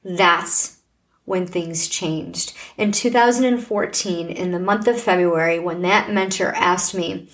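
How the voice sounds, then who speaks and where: A woman's voice: lowish voice, slow pace. Earnest middle-aged woman sharing her testimony. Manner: earnest, heartfelt, preaching. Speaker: podcast host. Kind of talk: personal faith testimony.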